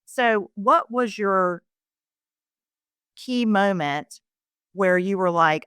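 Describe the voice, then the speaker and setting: A woman's voice: mid-range voice, drawn-out words, pauses often, fairly bright tone, clear, resonant tone, no room sound, studio quality. A woman hosting a podcast interview, encouraging her guest and restarting her questions as she goes. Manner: encouraging, repeats words as she starts questions. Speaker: podcast host. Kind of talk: conversational interview.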